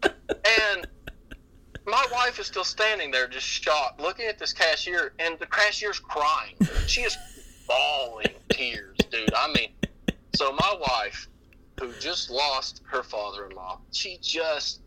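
A middle-aged man telling family stories on a podcast in casual chat, animated and often laughing, with many restarts. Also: on the high side, slow, poor audio. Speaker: podcast guest.

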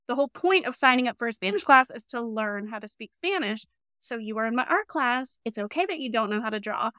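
A chatty young woman hosts a relaxed interview, her voice pitched a bit high and full of filler words. The sound is dry and close, with no echo around it. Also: fairly quick, clean tone. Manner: chatty and animated, lots of "like". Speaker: podcast host. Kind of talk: casual interview chat.

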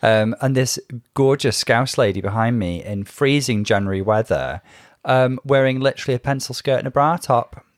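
A man co-hosting a casual podcast, measured and precise, adding dry asides. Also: medium pitch, dry recording. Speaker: podcast co-host. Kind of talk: casual chat.

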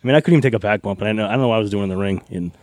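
A man's voice: lowish voice, rapid-fire, a little mellow, dry recording. A middle-aged man, a former wrestler, rambling through anecdotes in a casual interview with frequent laughs and swearing.

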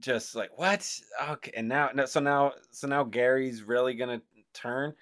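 A man's voice: mid-range voice, normal speed, a bit bright. A man co-hosting a podcast, reacting to a TV episode in exasperated, swearing casual chat. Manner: exasperated, swearing, rising and falling delivery. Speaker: podcast co-host.

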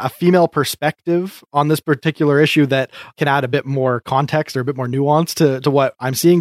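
A man co-hosting a laid-back podcast, mid-pitched and easygoing. He reviews comedy sketches in loose, hesitant sentences full of restarts and fillers. The sound is dry and close to the mic. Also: dry recording. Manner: chatty, hesitant restarts, frequent laughs. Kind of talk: casual podcast chat.

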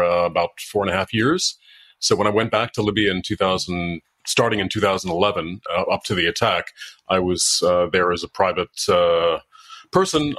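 A man answering interview questions in a measured, thoughtful way, pausing often with "uh". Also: low voice, a bit bright, no echo. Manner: measured, thoughtful, with frequent hesitations. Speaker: guest, former diplomat and author.

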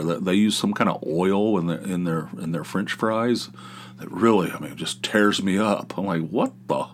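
A middle-aged man talks through a loose solo podcast monologue in a lowish voice. He swears casually, wanders off track, and circles back with "anyway." The delivery is unscripted, conversational and full of restarts. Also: lively intonation, moderate pace. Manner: rambling, profane, easily sidetracked. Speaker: podcast host.

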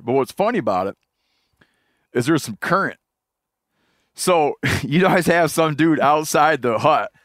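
A man's voice: mid-range voice, no echo, studio quality. A man hosting a podcast, telling rambling fishing stories and laughing along in casual chat. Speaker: podcast host.

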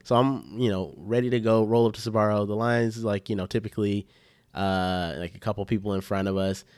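A man's voice: lowish voice, steady tone, brisk, darkish tone, smooth, no echo. A young man casually telling a funny story on a podcast, laid-back and slangy, swearing freely. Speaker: podcast co-host.

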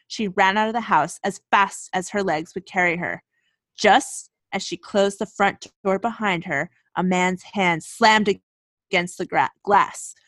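A woman's voice: mid-range voice, a bit bright, no room sound. A woman co-hosting a casual chat, reading a scary story aloud and breaking into laughter and jokes. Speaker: podcast co-host.

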